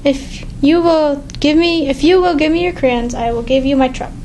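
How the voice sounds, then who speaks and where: A woman's voice: high voice, moderate pace, darkish tone, slight background noise, lightly acted, poor audio. A woman voicing a pushy young boy who bargains to trade toys, reading a picture book aloud. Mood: bargaining. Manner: bargaining, insistent.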